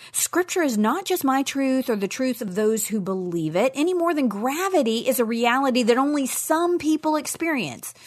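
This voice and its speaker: A middle-aged woman teaching a Bible lesson in an emphatic way, with playful asides. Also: on the high side. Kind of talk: teaching talk on Scripture.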